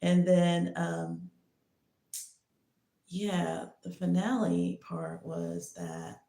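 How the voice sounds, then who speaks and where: Woman host, lowish creaky voice, rambling casual storytelling, echoey room. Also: little pitch movement, extremely slow, dark tone. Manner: rambling, many restarts and "like"s. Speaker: podcast host.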